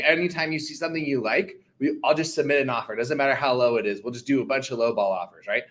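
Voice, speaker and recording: A man's voice: a little high, a bit bright. A man co-hosting a live lesson, talking loosely with lots of "like" and "right?". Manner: loose and conversational, full of "like" and "right?". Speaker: co-host. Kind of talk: casual live-stream teaching.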